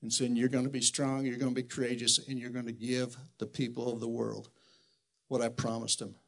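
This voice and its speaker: A middle-aged man preaching a sermon, earnest and emotional, restarting sentences and quoting Scripture, shifting from quiet reflection to loud exhortation. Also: level tone, fairly quick, vocal fry. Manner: swings between soft reflective lows and loud exhortation.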